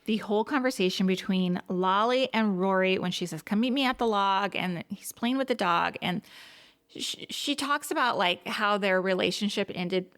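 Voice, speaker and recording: A woman's voice: medium pitch, moderate pace, a bit bright, smooth. A woman co-hosting a podcast, gushing in casual chat about a movie, with lots of "like" and quoting her own reactions. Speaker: podcast co-host.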